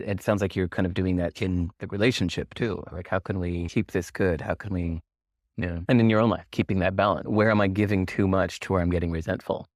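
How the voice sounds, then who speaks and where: A man as a podcast guest, speaking thoughtfully and frankly in a measured way. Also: low voice, dry recording, clean studio sound. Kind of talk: reflective conversation.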